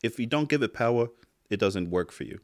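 A man's voice: fairly low pitch, expressive, brisk. A man, co-hosting a podcast in casual chat, talking with heated emphasis and heavy swearing. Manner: impassioned, swears a lot, rising emphatic outbursts. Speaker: podcast co-host.

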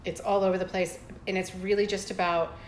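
A woman's voice: medium pitch, level tone, brisk, echoey room, a little hiss or hum. A woman co-hosting a podcast in casual chat, dreamy and enthusiastic, with lots of "like" fillers. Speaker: podcast co-host.

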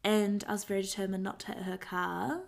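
A woman's voice: medium pitch, flat delivery, a little fast, creaky. A woman, co-hosting a casual podcast chat in a studio, dry and teasing. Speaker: podcast co-host.

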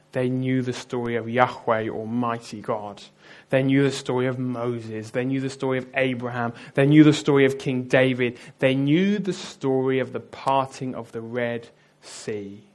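A man preaching a sermon, retelling a story vividly and talking straight to his audience. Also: medium pitch. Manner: lively storytelling, addresses the audience directly.

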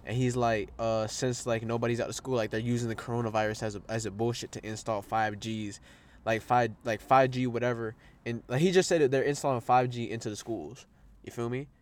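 A man's voice: mid-range voice, steady tone, brisk. A young man in casual chat, telling stories in heavy slang with lots of swearing. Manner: slangy, profane, storytelling.

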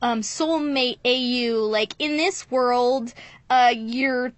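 A woman's voice: a little high, takes it slowly, no room sound. A woman in casual podcast chat, enthusiastic and laughing often as she retells scenes. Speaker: podcast co-host.

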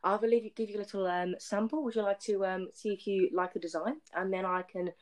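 A man's voice: high-pitched, fairly even intonation, fast, close to an everyday voice. Fields: Figure: a man playing a rambling male inventor. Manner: eager. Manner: rambling, repeats "innovative". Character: overeager male inventor pitching a gadget.

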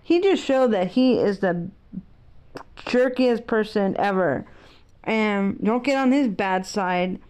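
A woman's voice: mid-range voice, lively intonation, takes it slowly, darkish tone, clean tone. A middle-aged woman vlogging in a rambling, outspoken, opinionated casual monologue.

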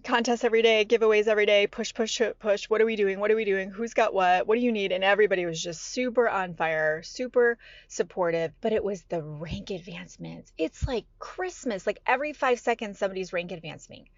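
Woman podcaster rambling excitedly, lots of likes and rights, kinda muffled audio. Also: mid-range voice, brisk, hardly any pauses, no room sound. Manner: animated, chatty storytelling with lots of fillers. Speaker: podcast host. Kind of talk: casual monologue.

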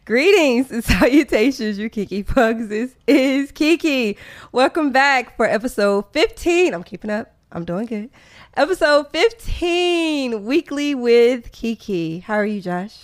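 A woman hosts a loose, casual podcast, chatting in slangy bursts. She laughs a lot and sounds worked up. Her voice sits somewhat high. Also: animated, measured pace. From American South. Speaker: podcast host.

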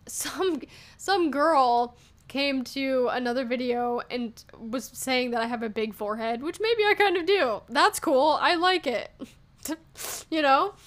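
High-voiced young woman venting casually. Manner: animated, venting, laughs often. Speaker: podcast host. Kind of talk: casual solo podcast talk.

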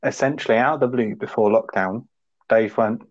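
A man co-hosting a podcast, rambling casually and acting out quotes in sudden high voices. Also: steady tone, moderate pace, highs cut off. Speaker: podcast co-host. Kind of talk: casual chat.

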